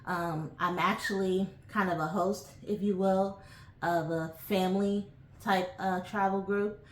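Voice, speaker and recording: A woman's voice: mid-range voice, steady tone, unhurried, slight background noise. A woman in her forties from New York, chatting casually to camera as host of her own channel, rambling with lots of ums and asides. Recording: echoey room.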